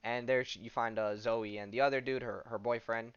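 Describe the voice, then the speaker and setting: A man hosting a podcast talks through a comic book plot in a loose, rambling way, full of "um" and "like." His voice is smooth and middle-pitched. The recording sounds dull and lo-fi. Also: steady tone, a little fast. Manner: rambling, filler-heavy retelling with offhand asides. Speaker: podcast host. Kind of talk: casual comic recap.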